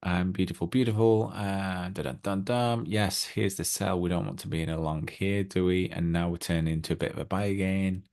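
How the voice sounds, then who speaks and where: A middle-aged man hosting a crypto trading channel, chatting casually through charts with lots of ums and excited asides. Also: low-pitched, fairly quick, creaky, few pauses.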